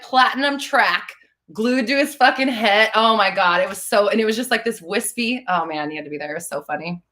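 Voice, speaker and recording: A woman's voice: mid-range voice, sharp tone. A woman hosting a casual live stream, telling rambling, profane stories and laughing as she reads the chat. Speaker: podcast host answering live chat.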